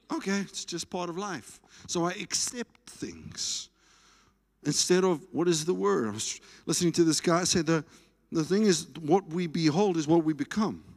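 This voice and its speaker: A man with a South African accent preaching a sermon in a church, animated and playful. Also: sits high. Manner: animated, playful preaching with food talk and shouts. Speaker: pastor. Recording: reverberant church hall.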